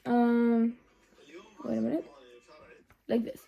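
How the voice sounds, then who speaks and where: Young woman chatting thru a makeup tutorial, kinda high voice, lots of ums, phone cam at home. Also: fairly even intonation, takes it slowly, creaky, highs cut off. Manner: chatty, rambling, many ums and asides. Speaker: makeup vlogger. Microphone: phone camera set low.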